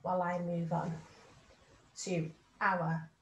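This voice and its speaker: A woman teaching a phonics lesson to young children, speaking slowly and clearly in a sing-song teacher voice. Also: fairly low pitch, flat delivery, reverberant, slight background noise, low-quality recording. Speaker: reception class teacher.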